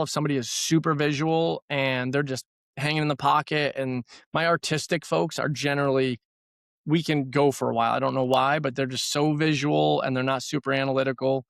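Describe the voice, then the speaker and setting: A man's voice: mid-range voice, fairly even intonation, fairly quick, gravelly, fairly bright tone, dry recording, studio quality. A man who works as a trauma therapy practitioner, talking casually on a podcast and repeating words for emphasis.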